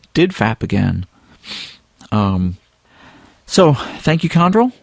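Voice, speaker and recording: A man co-hosting a podcast, relaxed and chatty with plenty of ums and uhs. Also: lowish voice, very slow, gravelly, no echo, clean studio sound. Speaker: podcast co-host. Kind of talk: casual podcast chat.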